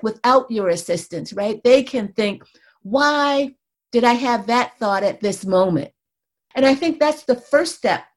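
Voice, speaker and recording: A woman guest in a conversational interview, a researcher who explains her points at length. Her voice sits a bit higher than most women's. She keeps checking in with the listener, saying "right?" and "you know" often. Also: darkish tone. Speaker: mother.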